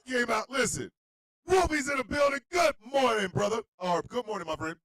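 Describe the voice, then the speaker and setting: A man hosting a comedy talk radio show, ranting in an animated, incredulous, shouting way. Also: very high-pitched, a little fast, no room sound, clean studio sound.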